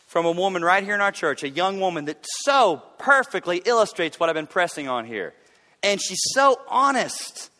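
A man in his forties preaching a sermon in a church, telling stories in an animated way with loud bursts of effort. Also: high-pitched, long reverb tail. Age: 40s. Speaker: pastor. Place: church sanctuary.

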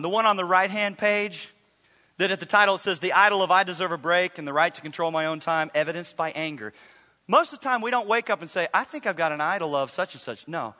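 A middle-aged man preaching a sermon as a pastor, telling a story with animated acted-out quotes. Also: sits high. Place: church sanctuary. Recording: reverberant live church hall.

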